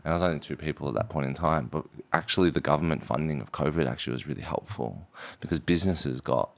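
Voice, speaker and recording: A man's voice: extremely low pitch, fast, vocal fry. A man from Australia telling his business story in a casual podcast chat, rambling, with slang and swearing. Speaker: guest, drinks brand founder.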